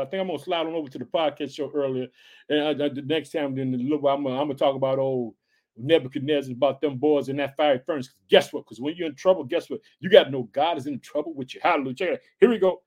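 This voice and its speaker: An excited male preacher delivers a podcast sermon at a rapid clip. His voice sits high for a man, and he keeps circling back to the same catchphrases as he reads scripture aloud.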